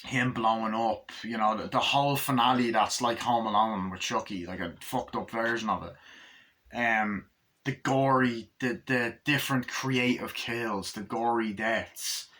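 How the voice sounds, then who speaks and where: Bright-voiced man rambling about a movie. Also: medium pitch, a little slow. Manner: rambling, heavy filler words and cursing. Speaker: movie reviewer. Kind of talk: casual plot recap and review.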